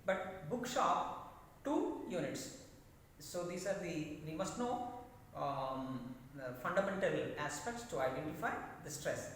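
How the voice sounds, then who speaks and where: A man teaching an English lesson with a Telugu accent, slowly repeating each word aloud for students to drill. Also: fairly high pitch, expressive, fairly bright tone, slight background noise. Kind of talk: classroom lecture. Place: classroom. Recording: echoey classroom recorded from a distance.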